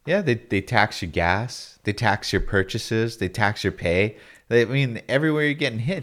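A man in his thirties in casual podcast chat, telling a story with animated, rising indignation. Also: lowish voice, moderate pace.

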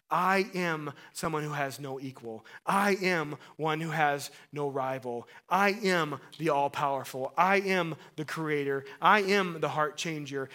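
Animated preacher man, slightly high voice. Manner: animated, acts out voices of Bible figures; drops to a low hush for emphasis. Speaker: pastor. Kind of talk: sermon.

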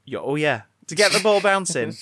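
A man co-hosting a podcast, chatting casually, swearing freely and getting loudly excited as he goes. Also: a little high, moderate pace, slightly rough, dry recording, clean studio sound. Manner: animated, swears freely, breaks into exaggerated excited outbursts. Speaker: podcast co-host.

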